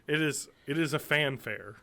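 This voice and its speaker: A man in his thirties, co-hosting a podcast, keeps things casual and spirited with plenty of swearing and laughter. His pitch is fairly high, his pace moderate, and his tone bright and forceful.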